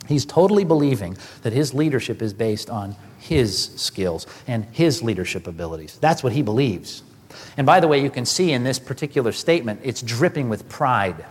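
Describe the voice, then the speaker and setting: A man preaching a sermon, building to emphatic, animated peaks. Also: mid-range voice, brisk. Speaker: pastor. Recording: hall reverb.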